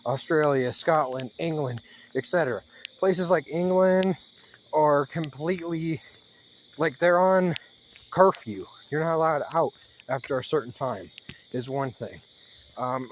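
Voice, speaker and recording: A channel host with a voice on the high side rambles through a monologue vlog while walking fast outdoors, slightly out of breath. Worked-up and halting, he leans on many fillers, and a little hiss or hum sits on the audio.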